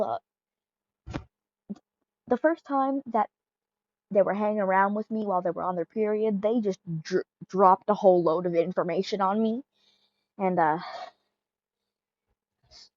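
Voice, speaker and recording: A woman's voice: medium pitch, a little slow, long pauses, dry recording, muffled recording, lightly acted. A woman voicing an awkward, sweet puppet boyfriend who stammers and talks earnestly in a fan audio role-play.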